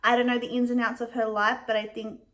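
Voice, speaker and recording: A young adult woman giving casual commentary as a vlogger, chatty and measured, with frequent fillers. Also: a little high, flat delivery, a bit bright.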